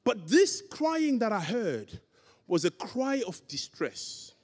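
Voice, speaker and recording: A man's voice: high voice, big pitch swings, slow pace, darkish tone. A man preaching a sermon, telling a story and acting out the dialogue with emphatic delivery. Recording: long hall reverb.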